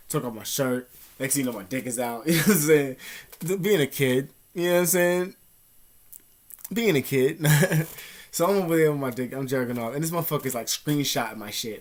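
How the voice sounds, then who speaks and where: A young man talking straight to his camera, swearing freely and leaning on street slang as he tells his story. He stays animated throughout, in a voice of ordinary middle pitch. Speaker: vlogger.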